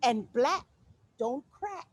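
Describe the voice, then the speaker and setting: A woman's voice: sits high, slow, no echo, exaggerated voice. A woman playing a sassy, outspoken woman. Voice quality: expressive, mocking tone shifts. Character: sassy, outspoken grown woman airing grievances. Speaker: stage actor performing a monologue. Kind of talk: theatrical monologue.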